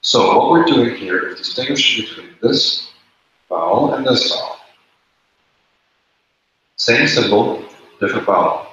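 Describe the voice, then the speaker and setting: A man gives a classroom lecture, walking through rules step by step and repeating the key points. His medium-pitched voice is animated and sharp, with a measured pace and long pauses. The room echoes, the lo-fi sound is dull, and there's slight background noise.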